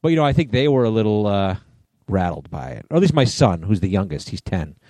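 Mellow-voiced man telling a rambling story. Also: on the low side, big pitch swings, fast, dry recording. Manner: rambling storyteller, swears freely. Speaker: podcast co-host. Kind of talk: casual chat.

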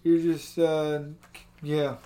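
A man's voice: fairly high pitch, flat delivery, drawn-out words, dark tone. A man chatting casually about wrestling, laid-back and rambling, often calling his partner dude. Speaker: co-host.

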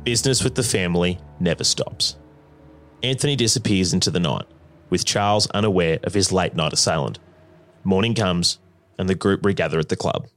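A man narrating a documentary in a measured, dramatic, scripted style. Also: low voice.

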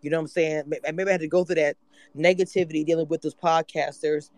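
A woman from hosting a casual live chat, excitable and candid. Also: low voice, quick pace, no room sound. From Louisiana. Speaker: YouTube channel host.

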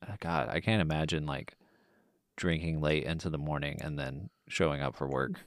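A man co-hosting a podcast, chatting about a film in a relaxed way with many ums. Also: rumbling low, dry recording, clean studio sound. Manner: relaxed, drawn-out delivery with frequent ums. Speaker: podcast co-host. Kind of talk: casual film-review chat.

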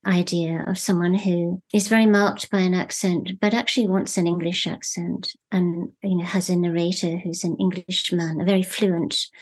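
A middle-aged woman novelist being interviewed, speaking in a thoughtful, measured way and pausing to search for words. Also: fairly low pitch, darkish tone, slightly rough. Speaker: novelist guest. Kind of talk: reflective interview talk.

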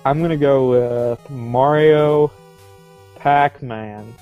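A man co-hosting a podcast, chatting in an unhurried, dry manner. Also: medium pitch, narrow, tinny audio, soft background music. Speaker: podcast co-host. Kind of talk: casual chat.

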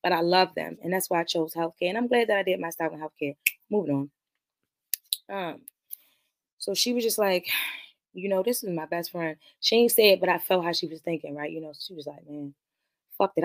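Talking directly to her viewers, a woman podcast host gives a rambling, profane, casual recap of a movie plot as part of her review, noting she's nervous about going live. Her mid-range voice is a bit bright, and the recording is dry.

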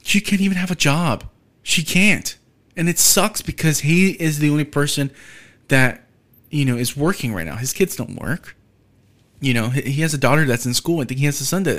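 A man's voice: mid-range voice, fairly bright tone. Blunt, profane man ranting on a podcast. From Texas. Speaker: podcast host. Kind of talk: opinionated solo rant.

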